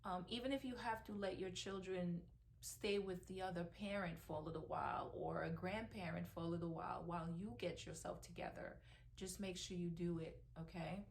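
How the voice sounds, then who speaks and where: A woman's voice: lowish voice, fairly even intonation, fairly quick, gravelly, a little hiss or hum. A middle-aged woman, a mother, talking emotionally in a heartfelt personal vlog, with lots of ums and restarts. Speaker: mother vlogger.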